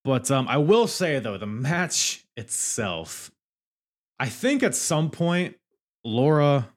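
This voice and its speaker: A man's voice: mid-range voice, very animated, takes it slowly. Man rambling through a wrestling recap. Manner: rambling, joking and profane, with many restarts. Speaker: wrestling podcast host. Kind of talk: casual show recap.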